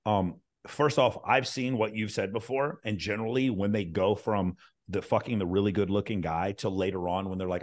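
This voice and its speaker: A male dating coach on a panel, arguing in a blunt, profane and animated way. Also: lowish voice, normal speed. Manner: blunt, profane, animated when making a point. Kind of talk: heated panel discussion.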